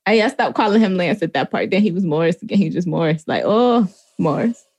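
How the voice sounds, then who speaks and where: A woman, co-hosting a casual chat, telling stories with lively energy and frequent laughter. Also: lowish voice, fast, husky, no echo. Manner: animated storytelling, laughs often.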